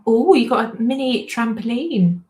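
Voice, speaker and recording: A chatty woman in her forties hosts a relaxed livestream, answering comments in a friendly, self-deprecating way. She keeps dissolving into giggles between her words. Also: a little high, moderate pace. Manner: giggly, keeps breaking into laughter. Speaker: livestream host. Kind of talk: casual livestream chat reading comments.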